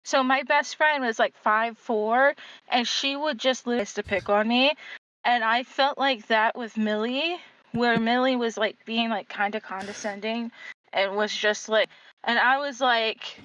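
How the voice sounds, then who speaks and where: A woman's voice: on the high side, fairly even intonation, measured pace, fairly bright tone, no room sound. Rambling woman caller, lo-fi line. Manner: rambling, many fillers. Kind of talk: casual chat.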